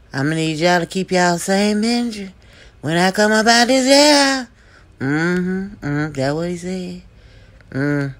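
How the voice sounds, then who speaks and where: A gossip show host, delivering comedic gossip commentary full of sassy, drawn-out hums and knowing mm-hmms. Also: medium pitch.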